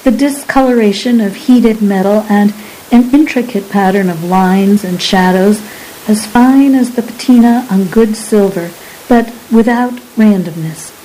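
A woman reading a story aloud at a measured, unhurried pace, as an audiobook narrator. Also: mid-range voice, mellow, slight background noise, poor audio.

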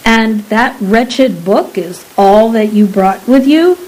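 A woman's voice: fairly high pitch, animated, takes it slowly, darkish tone, rough recording. A woman voicing a stern, suspicious Elizabethan man, an astrologer-conjurer who speaks in archaic, commanding phrases.

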